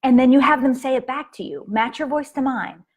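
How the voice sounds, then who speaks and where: Woman, parenting coach, casual live-stream delivery, slightly high voice, chatty with fillers. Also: fairly quick, slightly rough. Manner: chatty, with fillers and acted quotes of kids.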